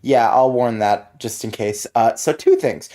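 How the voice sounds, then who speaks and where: A woman playing a tabletop game, giggly and quick to laugh while chatting. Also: very deep voice, mellow. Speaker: player. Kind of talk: casual tabletop play.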